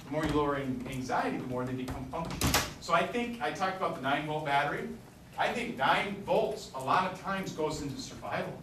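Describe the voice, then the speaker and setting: A man with a somewhat high voice gives a talk to an audience, weaving in stories and acting out what people said. He sounds like he is in a roomy lecture hall, picked up from a distance with a faint hiss underneath. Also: expressive, fairly quick. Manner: storytelling, acts out quoted dialogue. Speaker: symposium speaker. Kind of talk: conference talk with anecdotes. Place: lecture room. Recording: echoey room, distant mic.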